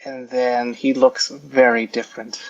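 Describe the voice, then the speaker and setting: A man playing a tabletop role-playing game, casually describing his hero's moves in a halting, rambling way full of fillers. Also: mid-range voice, flat delivery. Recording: dull lo-fi audio.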